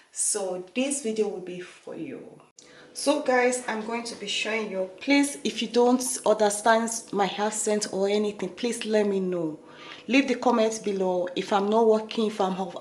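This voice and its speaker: A woman with a Nigerian accent, chatting casually to her vlog audience and often checking in with "okay?" and "guys". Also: medium pitch. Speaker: beauty vlogger. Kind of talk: casual talk to camera. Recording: echoey room with faint noise.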